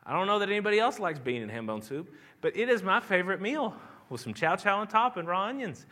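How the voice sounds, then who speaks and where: A pastor preaching a sermon in an earnest, conversational way with a regional Southern American accent, restarting phrases and swelling into emphatic lines. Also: male voice, high-pitched, sing-song, quick pace, bright, forceful tone. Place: church sanctuary.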